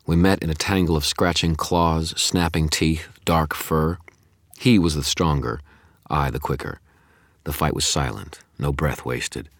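Very deep, husky male narrator. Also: fairly bright tone, no room sound, studio quality. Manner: intense, dramatic first-person reading. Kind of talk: audiobook narration.

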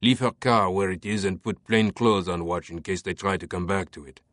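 A hard-edged male police captain, clipped and commanding, speaking low and quiet, put on by a male audiobook reader. The sound is dry and close, with no room around it. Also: steady tone, normal speed, no room sound. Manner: clipped, curt orders. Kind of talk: audiobook character voice.

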